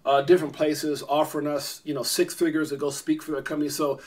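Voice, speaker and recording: A middle-aged man hosts his own vlog and tells a story straight to camera. His voice sits a little high, and he rambles, doubles back and fills gaps with ums as he goes. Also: fast talker. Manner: rambling, animated, many fillers and restarts. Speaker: vlog host.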